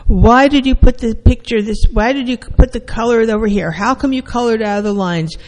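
Stern scolding parent, louder and higher than usual, as a therapist puts it on; long hall reverb. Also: level tone, slow pace, close to an everyday voice. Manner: sharp, rebuking questions.

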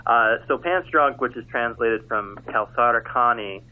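A man's voice: mid-range voice, a little slow. A man recommending a book on a radio segment with a dry, tongue-in-cheek delivery like an infomercial. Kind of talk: casual book pitch. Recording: phone-like radio audio.

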